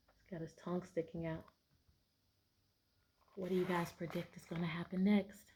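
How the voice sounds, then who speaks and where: A woman teacher reading a picture book aloud to children, often stopping to ask questions and giving the narration bright storybook emphasis. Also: lowish voice, flat delivery, moderate pace, long pauses, slight background noise.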